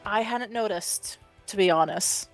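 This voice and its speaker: A woman's voice: mid-range voice, measured pace, faint music behind, lightly acted. A woman voicing a courteous, reserved woman adventurer in a tabletop game, close to her own voice. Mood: polite.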